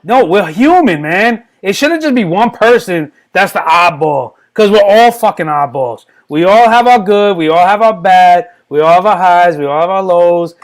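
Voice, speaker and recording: High-voiced guy guesting on a podcast, rambling and candid, keeps repeating himself. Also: lively intonation, normal speed, hardly any pauses. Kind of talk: casual podcast chat.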